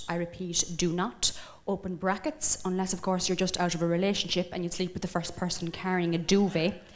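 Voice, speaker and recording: A woman doing brash, boastful stage patter with deadpan asides. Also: on the low side, moderate pace, echoey room, slight background noise. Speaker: comedy singer on stage.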